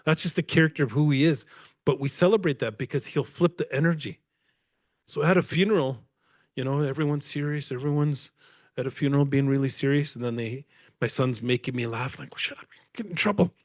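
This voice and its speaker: A man from Canada telling stories as the guest speaker at a book talk, rambling and animated and laughing often. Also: medium pitch, a little fast, dry recording, studio quality. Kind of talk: conversational storytelling. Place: lecture event with audience.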